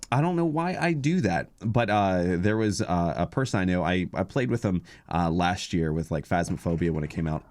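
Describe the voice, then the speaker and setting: A man's voice: deep voice, a little mellow, no room sound. A man hosting a podcast in casual chat, rambling and hesitant, full of fillers, on a podcast microphone. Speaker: podcast host.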